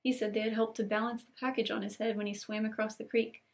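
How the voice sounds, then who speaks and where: A young woman reading classic novel passages aloud in an unhurried, gentle storybook way, with casual chatty asides between scenes. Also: on the high side, little pitch movement, creaky. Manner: gentle, unhurried reading, lingering on cozy details. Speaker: book channel host reading aloud.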